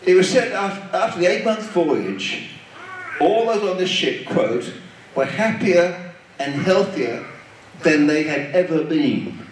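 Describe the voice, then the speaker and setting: In a very echoey hall, heard from a distance, a man preaches slowly in a sing-song, emphatic, repetitive cadence. His slightly high voice rises and falls with great animation, and a little hiss or hum runs underneath.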